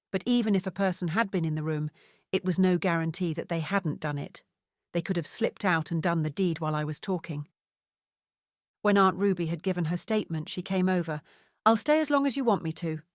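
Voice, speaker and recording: A woman reading a mystery audiobook in the first person, with a measured, wry storytelling manner. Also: lowish voice, no room sound, studio quality. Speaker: audiobook narrator.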